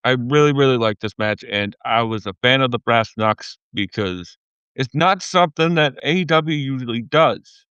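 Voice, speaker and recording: A man's voice: medium pitch, moderate pace, fairly bright tone, smooth, dry recording, muffled recording. A man with a Boston accent co-hosting a casual podcast, rambling and stammering into heated rants. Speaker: podcast co-host.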